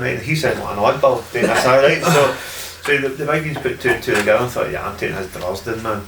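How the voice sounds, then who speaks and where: A man's voice: mid-range voice, quick pace, gravelly, few pauses. A Scottish man, a podcast guest, telling stories in casual chat, swearing a lot and laughing as he talks. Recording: echoey room from far off with faint hiss.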